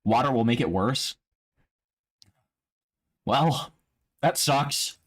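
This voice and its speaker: A man's voice: mid-range voice, very slow, crowd noise. A man live-streaming a casual reaction, profane and mocking.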